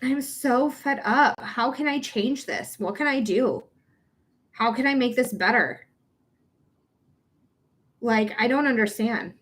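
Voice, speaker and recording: A woman speaking casually into her phone on a live stream as a psychic reader. Her voice sits a little high. She rambles and swears freely, talking frankly and directly to her viewers. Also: slow pace, long pauses, fairly bright tone.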